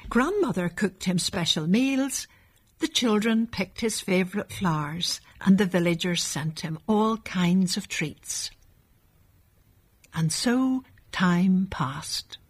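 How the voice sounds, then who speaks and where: A woman narrating a children's storybook in a calm, measured reading. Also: medium pitch, slightly rough.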